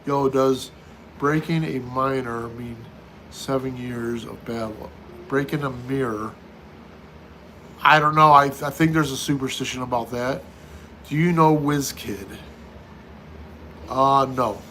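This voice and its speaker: Unhurried and sharp-toned, a mid-range male voice comes through with slight background noise. The speaker, a middle-aged man from the United States, hosts a casual livestream, reading and answering viewer comments one at a time.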